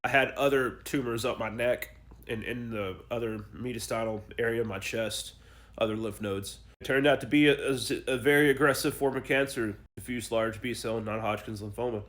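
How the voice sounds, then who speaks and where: A man's voice: mid-range voice, fairly even intonation, moderate pace, fairly bright tone. A young adult man casually telling his own story in a blunt, profane, emotional way, acting out the people he quotes.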